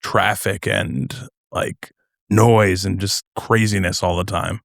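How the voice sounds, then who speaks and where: A man's voice: deep voice, steady tone, takes it slowly, vocal fry, fairly bright tone, no room sound, studio quality. A young man from North New Jersey, a comedian guest chatting casually on a podcast, rambling and hesitant with many fillers.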